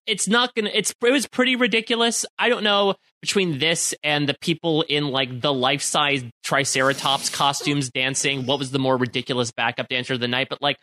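A man's voice: medium pitch, pushed and bright, no echo. A man co-hosting a podcast in casual chat, making wry, joking asides. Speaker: podcast co-host.

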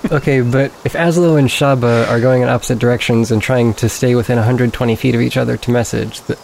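A man narrating as game master, calm and matter-of-fact as he rules and sets the scene. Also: mid-range voice, fast talker, gravelly, slight background noise, rough recording.

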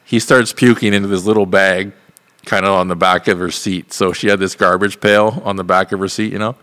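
A man co-hosts a casual podcast, telling a rambling, profanity-laced story and laughing along the way. His voice sits a little low. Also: steady tone, brisk, fairly bright tone. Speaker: podcast co-host.

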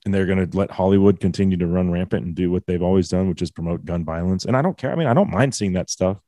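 Deep-voiced blunt man in his forties. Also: fast, mellow, no echo. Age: 40s. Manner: blunt, opinionated ranting. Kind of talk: casual chat.

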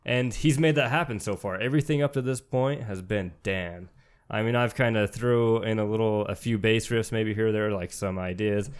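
A man's voice: fairly low pitch, steady tone, normal speed, clear, resonant tone. A man guesting on a podcast as a musician, earnestly crediting his bandmate. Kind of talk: casual podcast interview.

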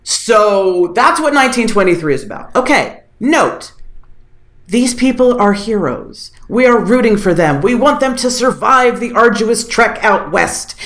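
A woman podcast host talking in casual chat, recapping with sarcasm and a lot of profanity. Her voice swoops up and down with lively energy, and the sound rings a bit in a roomy, echoey space. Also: medium pitch, measured pace. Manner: animated, sarcastic, profane storytelling. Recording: roomy echo.

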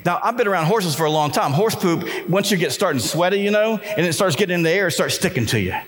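A man giving an energetic motivational speech to a live audience in a conference hall, telling stories and urging listeners to work hard. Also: sits high, fast, noisy background. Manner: energetic storytelling with repeated restarts and emphatic exhortations. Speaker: motivational keynote speaker.

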